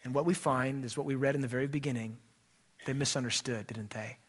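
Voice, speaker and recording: A man preaching a sermon as pastor of a church, swinging between loud emphatic lines and soft low passages, then leading a prayer. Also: steady tone, fairly quick, slightly rough.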